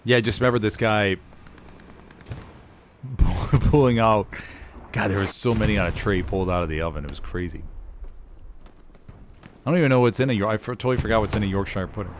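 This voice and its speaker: A man with a fairly low voice casting a live war game match, rambling in a relaxed way, then bursting out loudly at big plays. There is faint noise in the background, with game gunfire and artillery behind him. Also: brisk, long pauses. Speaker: game caster. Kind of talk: live play-by-play game commentary.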